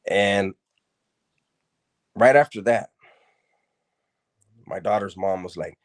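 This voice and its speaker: In a very low, deep voice, a man tells stories about his own past, taking his time and keeping it conversational. His speech is loose and casual, heavy on street slang, and he repeats himself often.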